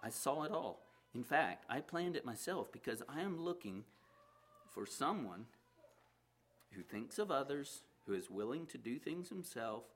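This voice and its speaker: A man voicing an elderly, patient king in a read-aloud parable, speaking in a measured, gently stern way. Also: mid-range voice, big pitch swings, voice pushed up. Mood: calm. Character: elderly wise male king, patient and calm.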